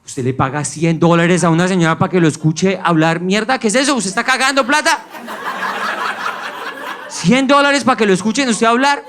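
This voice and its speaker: A man's voice: on the high side, fast talker, few pauses, lightly acted. Man doing a scolding Colombian mother. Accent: Colombian Spanish. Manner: scolding, incredulous. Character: older Colombian mother, woman, scolding and practical. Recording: live stage set with audible crowd noise.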